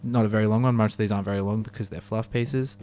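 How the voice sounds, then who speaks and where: Low-voiced rambling man. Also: steady tone, racing, dark tone. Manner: rambling, filler-heavy. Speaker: radio co-host. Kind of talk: casual radio chat. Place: student radio studio.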